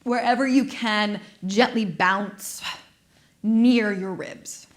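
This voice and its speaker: A woman movement instructor guiding an exercise class on a dedicated microphone, gentle, playful and encouraging, with soft laughs. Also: medium pitch, slow. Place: studio.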